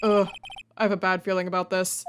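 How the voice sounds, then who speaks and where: A woman's voice: fairly low pitch, little pitch movement, a little fast, slight background noise. Wry woman playing a game. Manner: wry, joking commentary. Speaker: let's play co-host. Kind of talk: reading game dialogue aloud.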